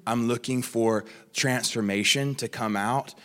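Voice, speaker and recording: A man gives a sermon in a loose, conversational way, stopping himself and restarting as he talks. His voice sits at an ordinary middle pitch. The sound carries the long reverb of a large church hall. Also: measured pace. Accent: Australian. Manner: animated and conversational, with many restarts and asides. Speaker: pastor. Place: church auditorium.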